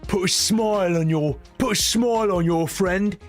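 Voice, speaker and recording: A man's voice: sits high, moderate pace, soft background music, voice pushed up. A man voicing a brutal, menacing male movie criminal with an Australian accent. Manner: menacing, leering, gleeful.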